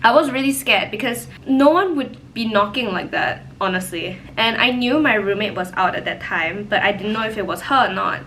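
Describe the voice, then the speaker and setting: A young woman telling a personal story in a casual, animated way, full of "like" fillers. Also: medium pitch, normal speed, hardly any pauses, a little hiss or hum, poor audio. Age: young adult. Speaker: vlogger. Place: home, indoors.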